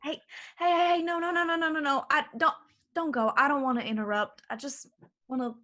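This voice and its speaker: An actress playing a boisterous, drunk Southern woman from Georgia, loud and teasing, in a staged reading over a video call. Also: high-pitched, a little fast. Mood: tipsy, combative.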